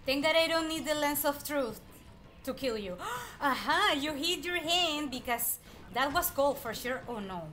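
A woman streaming a video game, excitedly chatting to the enemies she fights and repeating herself when frustrated, with game music faintly behind her. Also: high voice, unhurried, a little hiss or hum. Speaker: gameplay streamer. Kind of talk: live gameplay commentary.

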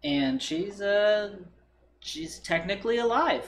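Brief: chatty stream co-host, rambly storyteller, mid-pitch, close mic. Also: expressive, slow pace, roomy sound, slight background noise. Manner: rambling storyteller with many filler likes. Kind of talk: casual chat. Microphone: desk microphone.

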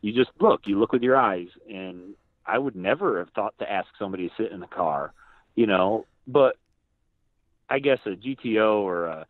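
A man, a podcast guest, chatting casually and telling lively stories in which he acts out what other people said. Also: lowish voice, moderate pace, dry recording. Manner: animated storyteller who acts out other people's lines. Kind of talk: casual storytelling chat. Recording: tinny phone-like line, dry.

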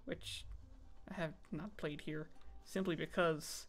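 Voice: mid-range voice, steady tone, slow. A streamer reading game text aloud on a casual stream, often stumbling over words and making fun of themself.

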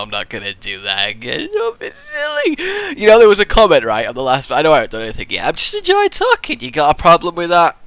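A man's voice: mid-range voice, bright, forceful tone, smooth, no echo. A young man, commentating his own gameplay in a rambling, goofy way, muttering to himself and slipping into silly voices. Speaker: Minecraft let's player.

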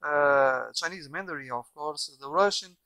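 Rambling man, slightly high voice. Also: normal speed, pushed and bright, no room sound. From Portugal. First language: Portuguese. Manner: rambling, with many repeated words and restarts. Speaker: software developer. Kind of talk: casual software walkthrough. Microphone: bad microphone.

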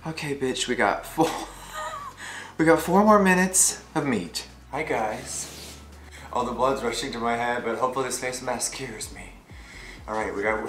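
A man's voice: mid-range voice, normal speed, a bit bright, echoey room. A man vlogging casually to camera as a beauty creator, sassy and giggly, swearing casually as he chats from a hotel room.

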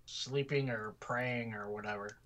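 A man's voice: medium pitch, steady tone, unhurried, fairly bright tone. A man chatting casually as a player in a tabletop game.

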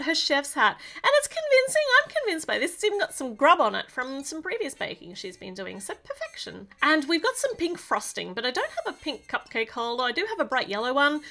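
A woman with a high, sharp-toned voice chats playfully and teases herself while building LEGO toys for her casual crafting vlog.

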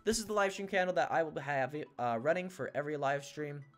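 A man's voice: fairly high pitch, expressive, a little fast, faint music behind. Chatty teen boy streaming a game. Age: teens. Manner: chatty, greets viewers, thinks aloud. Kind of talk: casual live-stream chat. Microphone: desk mic he must face toward.

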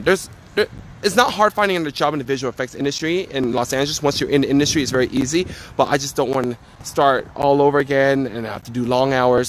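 A man streaming live outdoors on a phone, chatting casually and joking loudly with viewers and family. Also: mid-range voice, a little hiss or hum. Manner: joking, loud, excitable banter. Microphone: handheld phone.

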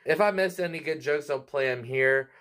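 A man's voice: a little high, a bit bright. A man hosting a cartoon review channel, talking in a chatty, casual way with frequent laughs. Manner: chatty, laughs often, quick asides.

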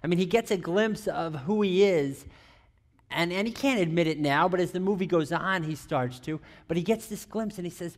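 A man's voice: high-pitched, moderate pace. A man preaching a conversational sermon, often asking the audience questions and adding playful teasing asides. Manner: chatty, asks the audience questions, many restarts. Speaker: pastor.

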